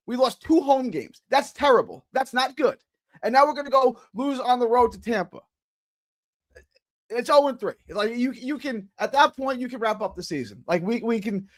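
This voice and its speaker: A man's voice: very high-pitched, a bit bright, dry recording. A man calling in to a sports talk show, ranting in exasperation and stammering through many restarts.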